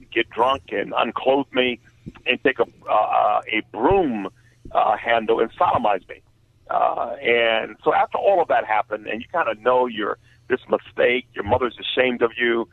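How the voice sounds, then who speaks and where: A man with a gravelly, creaky voice tells his story earnestly and haltingly, with many fillers. He comes through a narrow, tinny phone line with no room sound. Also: medium pitch, dry recording. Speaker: guest author. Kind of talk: personal testimony in a radio interview.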